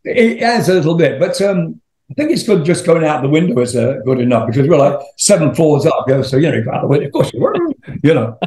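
A man's voice: on the high side, animated, fast talker, darkish tone, echoey room. Older man telling rambling rock anecdotes. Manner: rambling, laughing, swearing anecdotes. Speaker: interview guest, rock singer. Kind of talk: casual storytelling.

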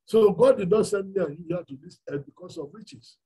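Nigerian man preaching, raspy voice, high pitch, emphatic, rhetorical questions. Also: a little fast, dark tone, poor audio. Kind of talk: sermon.

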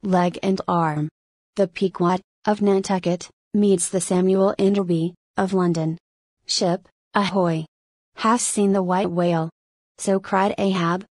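A woman narrating a classic novel aloud for an audiobook in a steady, measured way. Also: medium pitch, no echo. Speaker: audiobook reader.

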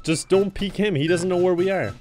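A man chatting and joking while playing an online game with friends, laughing often and getting excitable. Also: high voice, fairly quick, over music. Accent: Irish. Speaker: gaming YouTuber. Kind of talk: casual gameplay banter.

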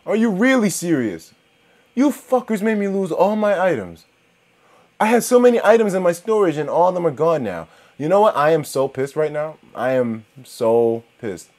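A man narrating a game run in a lively voice that leaps up and down in pitch. He swears freely, shouts at the monsters on screen, and keeps turning to his viewers to chat about what just happened. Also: moderate pace. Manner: talks straight to viewers. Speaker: gaming commentator. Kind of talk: let's-play commentary.

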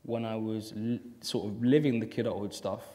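A man, chatting with a host in front of a live audience, animated and acting out the voices in his stories. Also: lowish voice, moderate pace. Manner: animated storyteller, acts out quotes, laughs often. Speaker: actor and filmmaker, festival guest. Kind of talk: casual live-audience conversation. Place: festival event hall. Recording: reverberant hall.

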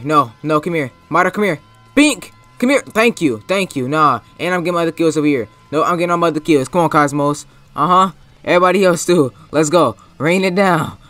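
Young male gaming YouTuber, bright, slightly high voice, hyped slangy trash talk over faint game music. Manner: repeats short catchphrases. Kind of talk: live gameplay commentary.

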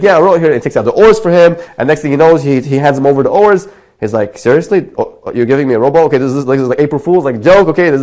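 A man, a rabbi, giving a sermon and telling a parable, acting out the characters in an animated storytelling voice. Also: fairly high pitch.

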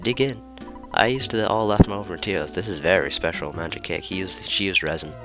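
A man giving casual let's play commentary from a room at home, joking, swearing freely and talking somewhat hushed. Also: deep voice, fairly quick, music in the background. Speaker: gamer.

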